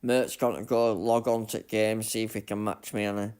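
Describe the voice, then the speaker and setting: A man streaming a racing game live, muttering commentary to himself and breaking into loud self-mocking outbursts. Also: fairly low pitch, little pitch movement, moderate pace, clear, resonant tone. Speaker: gaming streamer.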